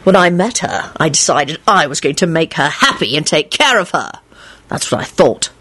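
A woman's voice: low voice, big pitch swings, moderate pace, fairly bright tone, breathy edge, no room sound, exaggerated voice. A woman voicing a moody, volatile man who mumbles and snarls, in an audiobook. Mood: sullen. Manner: sullen, snarling.

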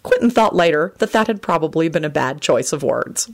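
A woman narrating a fan-fiction story aloud with expressive storytelling. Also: deep voice, fairly quick. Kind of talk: fan-fiction audiobook reading.

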